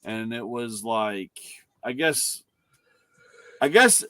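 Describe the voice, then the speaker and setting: A man's voice: mid-range voice, animated, takes it slowly, fairly bright tone, no room sound. A man co-hosting a casual chat, rambling through anecdotes with many restarts and quoted dialogue. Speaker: co-host. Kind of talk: casual car-hobby chat.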